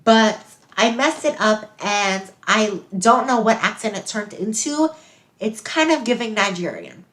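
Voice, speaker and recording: A woman's voice: medium pitch, expressive, unhurried, a bit bright. A woman hosting a casual video, chatty and upbeat as she introduces her guest. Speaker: host.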